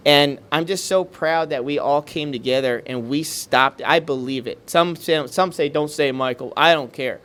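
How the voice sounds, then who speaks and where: A man speaking to a community gathering, telling a story in an animated way, with laughs and repeated words between lines. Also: on the high side. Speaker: guest speaker at a community meet and greet. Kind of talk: storytelling speech to a crowd. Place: community event hall.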